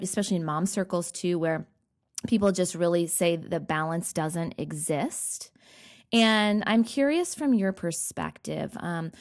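Brief: woman host, slightly low voice, chatty and animated. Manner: chatty, animated, laughs often. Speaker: podcast host. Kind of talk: casual interview chat.

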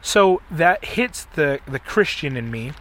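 A middle-aged man hosting a podcast, casually retelling a story in an animated way and acting out the quotes. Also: on the high side, measured pace, slight background noise. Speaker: podcast host.

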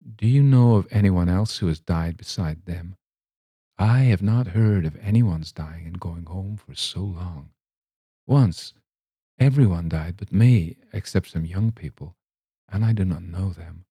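A man reading a storybook, voicing a frail old lady who speaks softly and drearily, as if she will live forever. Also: low-pitched, unhurried, breathy edge, dry recording, heavily acted. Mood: dreary. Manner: soft, dreary and wistful.

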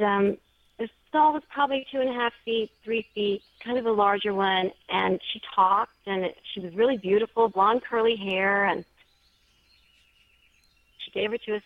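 A woman's voice: medium pitch, no room sound. A woman author telling a story as an interview guest, chatty and earnest. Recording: dull dry lo-fi sound.

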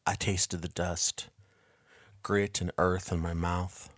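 A man with a lowish voice narrates a first-person story, calm, measured and introspective. The recording is close and dry, with no room sound. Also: no room sound. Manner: measured, quiet, reflective.

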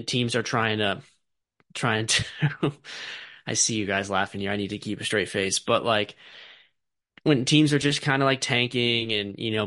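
A man co-hosts a casual sports podcast, talking in long rambling runs full of fillers. He swears offhandedly as he goes. His voice sits in a middle pitch, and the sound is dry and close. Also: a bit bright, no echo. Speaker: podcast co-host.

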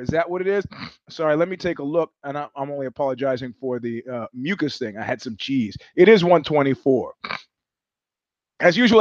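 A man's voice: on the high side, dry recording, muffled recording. Sardonic New man telling stories. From New York. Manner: profane, sardonic, animated storyteller who acts out voices. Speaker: podcast host. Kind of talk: casual monologue, storytelling.

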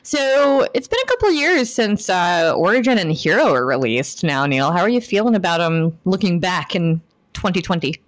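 A woman's voice: fairly low pitch, moderate pace. A woman hosting a casual podcast, joking around and steering the conversation. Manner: joking, playful, lively delivery. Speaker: podcast host.

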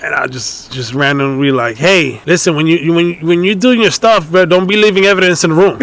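Animated, high-voiced man telling stories. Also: a little fast. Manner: animated storyteller, acts out quotes in a raised voice, laughs often. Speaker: podcast co-host. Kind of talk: casual chat among friends.

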